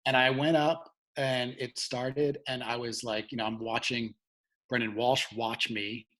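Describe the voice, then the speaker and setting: A man, a comedian guest, telling a long road story in casual chat, profane and animated, shouting out the lines he quotes. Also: mid-range voice, unhurried.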